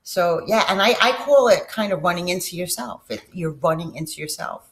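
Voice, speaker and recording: A woman's voice: on the low side, lively intonation, fairly quick, a bit bright, slight background noise. A middle-aged woman speaks straight to her viewers in a casual vlog, telling personal stories. She is candid and emotional and swears freely. Her sentences often trail off and start again. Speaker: vlogger. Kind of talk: casual personal storytelling to camera.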